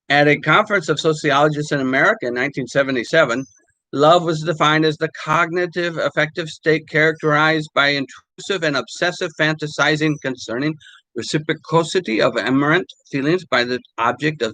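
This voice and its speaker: An older man, a language teacher, talking casually and haltingly with many fillers while reading quotes aloud. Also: fairly high pitch, bright, forceful tone, dry recording, rough recording.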